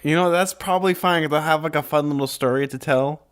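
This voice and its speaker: A man's voice: on the high side, a little fast, a bit bright, clean tone. A man co-hosting a podcast, chatting casually in an easygoing, joking, meandering way. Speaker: podcast co-host. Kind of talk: casual chat.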